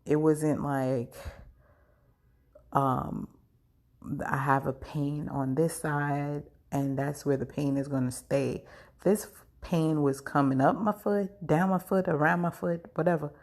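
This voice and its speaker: A woman with a low, gravelly voice talks through her own story in a loose, casual way. She jumps around and acts out what others said. She is in pain as she speaks. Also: steady tone, slow pace, darkish tone. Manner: chatty, scattered, acts out quotes of others. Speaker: podcast host.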